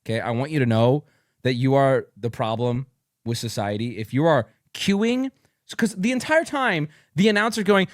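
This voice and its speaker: A young man streaming, telling a story to his chat in a casual, profane way with loud outbursts. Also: a little high, big pitch swings, normal speed, no room sound, studio quality.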